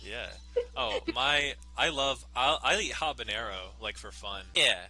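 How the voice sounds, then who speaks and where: Animated bright-voiced man from Virginia. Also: mid-range voice, measured pace, soft background music. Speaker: podcast co-host. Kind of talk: casual chat. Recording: echoey room.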